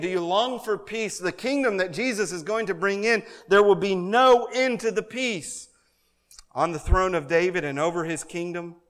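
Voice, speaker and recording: A man with a high voice preaches a sermon in a church. His delivery swings between quiet, intimate pleading and loud, fervent calls. The room gives his words a long, ringing reverb. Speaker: pastor. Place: church sanctuary.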